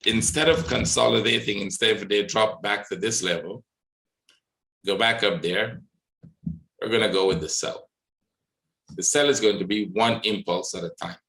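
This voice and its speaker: A man with a low voice talks through market charts as a webinar host. He reasons out loud and keeps tagging "right?" onto his points. The sound carries a noticeable room echo. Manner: thinks aloud, many "right?" tag questions. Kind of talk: live market analysis walkthrough.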